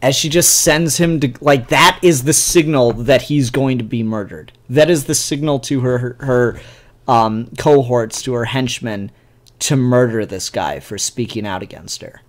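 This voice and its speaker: A man's voice: mid-range voice, unhurried. A man casually reviewing a comic book, rambling with enthusiasm and an occasional swear, recorded on his camera mic. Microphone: camera mic, showing pages to camera.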